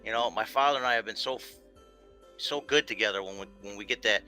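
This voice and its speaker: Bright-voiced man hosting a talk show. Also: on the low side, soft background music. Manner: easygoing, quick to laugh. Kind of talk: casual interview chat.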